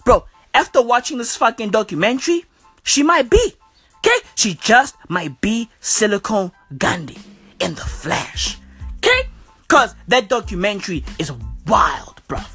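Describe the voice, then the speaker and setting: A woman's voice: fairly high pitch, big pitch swings, measured pace, a bit bright, breathy edge, soft background music. A woman giving a profane, slang-filled comedic rant, punctuating her points emphatically. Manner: profane, slangy, emphatic, keeps asking "okay?". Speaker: comedic commentator.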